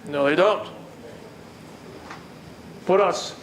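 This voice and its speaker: Male sales trainer, high voice, quizzes a live room, faint hum behind. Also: extremely slow. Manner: asks the audience questions and repeats their answers. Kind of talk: live workshop lecture. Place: meeting room with a live audience.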